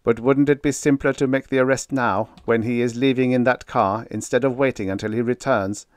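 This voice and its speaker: A man voicing a polite male police robot with a sharp, clean-cut college-boy delivery, in an audiobook reading. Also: medium pitch, steady tone, fairly quick, dry recording, pitched above the performer's own voice, natural voice. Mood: helpful.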